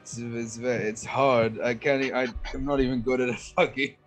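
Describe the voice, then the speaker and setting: A man's voice: medium pitch, flat delivery, moderate pace, faint music behind. A young man playing a tabletop game online, chatting casually, swearing freely and laughing mid-sentence. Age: young adult.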